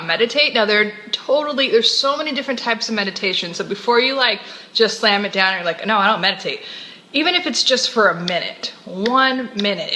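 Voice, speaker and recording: Bright-voiced bubbly woman co-host. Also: medium pitch, rough recording. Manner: bubbly, laughing, chatty. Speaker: co-host, integrative health practitioner and yoga teacher. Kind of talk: casual live show chat.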